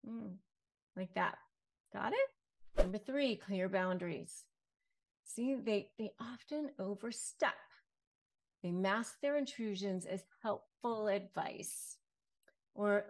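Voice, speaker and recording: Slow, emphatic woman giving advice. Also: mid-range voice. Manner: emphatic, repeats key phrases, acts out short quotes. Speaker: attorney and online coach. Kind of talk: direct-to-camera advice talk.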